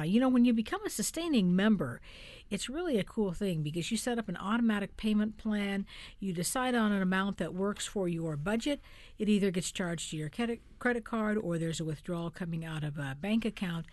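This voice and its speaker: A woman's voice: mid-range voice, darkish tone, no echo. A woman public radio host making an upbeat, chatty on-air fundraising appeal. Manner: upbeat, chatty, laughs easily. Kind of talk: pledge drive on-air appeal.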